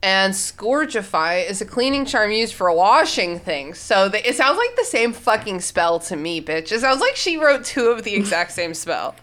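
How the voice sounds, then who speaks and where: A woman's voice: mid-range voice, sing-song, normal speed, few pauses, a bit bright. A woman co-hosting a casual book podcast, swearing freely and laughing a lot. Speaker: podcast co-host.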